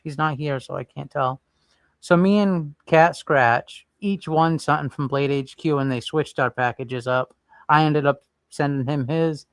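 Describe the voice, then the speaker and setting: A man hosting a casual livestream rambles and thinks aloud while browsing and chatting with viewers. His voice is a little high and creaky, with no room sound.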